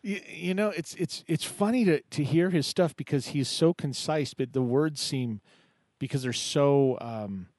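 A man hosts a live poetry open mic in a chatty, halting way, stopping and restarting his sentences. His voice sits at an ordinary pitch and is recorded close and dry. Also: a little mellow, no echo. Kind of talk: casual live show hosting.

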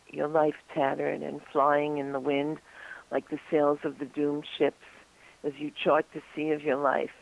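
A woman calling in to a radio show and reading her poem aloud in an earnest, deliberate way. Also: sits low. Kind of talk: poetry reading on a phone call. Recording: muffled phone line.

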